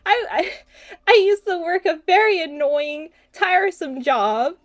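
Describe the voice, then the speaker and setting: High voice woman on a podcast, laughs through her story, swears, trips over words. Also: unhurried. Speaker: podcast co-host. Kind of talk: casual chat.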